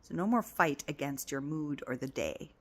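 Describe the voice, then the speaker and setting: A woman with a slightly low voice talks gently as a spiritual coach in a casual motivational chat. She speaks with affection and keeps repeating her encouragements. Her voice often sinks to a near whisper. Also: lively intonation, moderate pace, husky. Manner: repetitive, encouraging. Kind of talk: casual motivational talk to camera.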